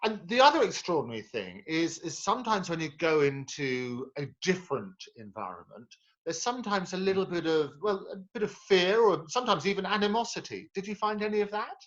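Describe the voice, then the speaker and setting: A man's voice: sits high, sing-song, brisk, a bit bright, highs cut off. A man hosting an interview over a video call, eager and repeating his words as he gets going. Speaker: interview host. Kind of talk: casual interview.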